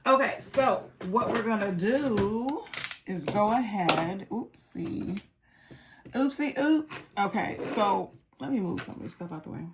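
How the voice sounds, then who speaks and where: A woman chatting casually and relaxed with frequent ums and likes as she walks through a nail art tutorial. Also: mid-range voice, takes it slowly, noisy background. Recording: electric nail file buzzing behind.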